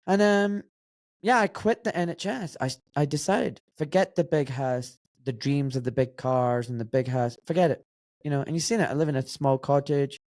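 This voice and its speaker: A man's voice: on the high side, normal speed, a little mellow, dry recording, studio quality. A man in his forties with a Glaswegian accent, talking bluntly and straight as a podcast guest. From Scotland. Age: 40s. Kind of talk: casual interview conversation.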